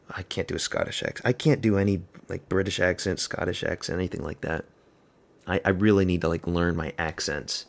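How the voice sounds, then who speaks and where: A man's voice: deep voice, a little fast, vocal fry. A man giving casual, rambling live reaction commentary at a fight watch party, blunt and offhand. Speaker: MMA fan host of a watch party stream.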